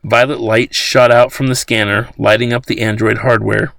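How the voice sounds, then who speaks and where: A man narrating an audiobook in a steady storytelling manner. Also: mid-range voice, normal speed, gravelly, dry recording.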